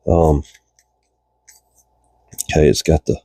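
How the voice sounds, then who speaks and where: A man from the United States hosting a casual fishing reel repair tutorial in a cold garage, folksy and chatty, congested with a cold and often coughing and clearing his throat. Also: low-pitched, big pitch swings, extremely slow, long pauses, darkish tone, dry recording. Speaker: reel repair channel host.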